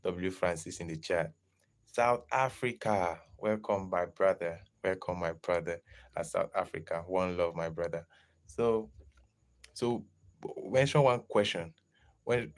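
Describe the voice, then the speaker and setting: A young man chatting casually on a live stream, lively and greeting viewers in the chat as he talks. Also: low-pitched. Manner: animated, greets chat viewers, slips into pidgin.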